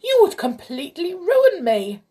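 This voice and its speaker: A woman doing a shrill blustering king. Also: wildly swooping pitch, a little slow, mellow, full character voice. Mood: squealing. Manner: shrill squealing outbursts. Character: blustering greedy male king, pompous and vain.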